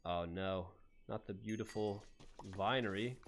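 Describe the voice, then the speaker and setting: A man's voice: lowish voice, measured pace. A man on a live gaming stream, chatting in character with a put-on accent, greeting viewers by name and laughing often. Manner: puts on an accent for his character. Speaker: streamer playing a roleplay character.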